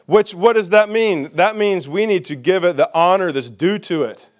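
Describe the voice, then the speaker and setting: A man's voice: high voice, animated, normal speed. A man preaching a sermon to his congregation as pastor, emphatic and repetitive, putting questions to the listeners. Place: church sanctuary.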